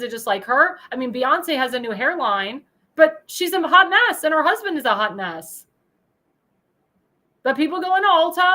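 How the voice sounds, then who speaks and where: A woman hosting a political talk show, ranting in a heated monologue full of insults and bursting into angry shouts. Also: sits high, poor audio. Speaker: host.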